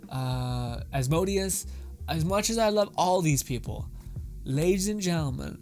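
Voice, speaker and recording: A man hosting a casual anime reaction talk, animated and gushing, swearing often. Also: a little high, a little slow, soft background music. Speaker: anime commentary host.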